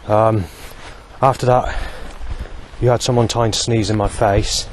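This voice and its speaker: A man with a fairly low voice rambles on as he walks along a street, stringing thoughts together with lots of ums. Faint outdoor ambience sits behind him. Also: level tone, measured pace, slight background noise. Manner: rambling, with many fillers. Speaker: vlogger. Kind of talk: walking monologue.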